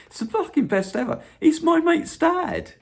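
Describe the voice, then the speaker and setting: A man's voice: extremely high pitch, sing-song, moderate pace, gravelly. A man hosting his own channel, talking in a rambling casual monologue, swearing freely and breaking into humming and singing snatches of songs. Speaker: channel host.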